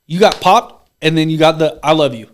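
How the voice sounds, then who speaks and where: A man's voice: a little high, brisk, slight background noise. A young man hosting a podcast, chatting casually, rambling and swearing freely. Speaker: podcast host. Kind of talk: casual chat.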